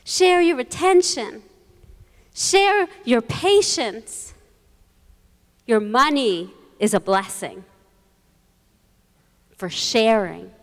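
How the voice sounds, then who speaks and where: A woman rabbi giving a holiday sermon, telling stories with quoted voices and gentle humor. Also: a little high, animated, very slow, long pauses. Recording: long reverb in a large hall.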